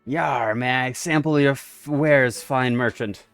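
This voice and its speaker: A swaggering captain in a hammy pirate drawl, put on by a man playing a game. The voice rolls out theatrical "yar"s in a slow, exaggerated way over a dry sound with faint music behind it. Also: mid-range voice, dry recording, close to an everyday voice. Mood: playful.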